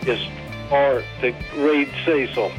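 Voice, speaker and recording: A man calling into a radio show who keeps things brisk and to the point. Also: mid-range voice, over music. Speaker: radio caller. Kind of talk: phoned-in chat. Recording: dull lo-fi phone line.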